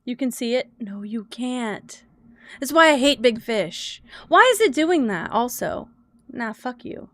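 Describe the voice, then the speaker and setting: A woman's voice: sits high, animated, moderate pace, dry recording. A woman game streamer chatting casually with viewers, exasperated, swearing and laughing at her own troubles. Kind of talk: casual live-stream chat.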